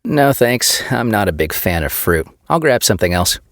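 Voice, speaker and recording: Joking young male scientist with lively, teasing delivery, from a low-voiced narrator. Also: dry recording, studio quality. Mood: wry. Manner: quick, teasing banter.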